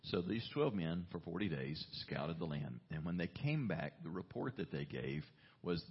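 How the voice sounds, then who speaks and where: A man delivers a sermon, telling a Bible story in a lively, animated way and reading passages aloud. His voice sits low and sounds husky. The recording is dull and lo-fi. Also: normal speed. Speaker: pastor.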